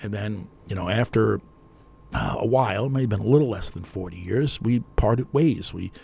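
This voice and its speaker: A man's voice: on the low side, normal speed, gravelly, warm tone, slightly rough. An older man with a New Jersey accent, telling a long, digressive story in a chatty, self-mocking way as a radio host. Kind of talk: rambling storytelling monologue.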